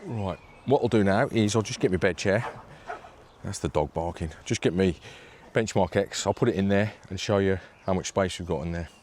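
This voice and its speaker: Out in his garden, an angling vlogger narrates every step of pitching a fishing shelter, gripping a handheld video camera in one hand. His deep, slightly mellow voice moves at a moderate pace over slight background noise.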